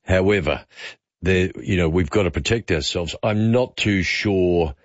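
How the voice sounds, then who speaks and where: Male talkback host, low register, muffled dry radio sound. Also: measured pace, dry recording.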